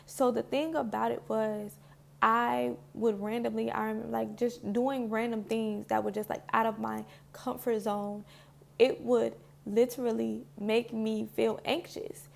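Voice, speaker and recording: Her voice is a little high and a little mellow, with vocal fry and fairly even intonation at a normal speed. Talking to camera about spiritual healing, this woman is casual and reflective, heartfelt and earnest, peppering her words with "like"s while nearly crying.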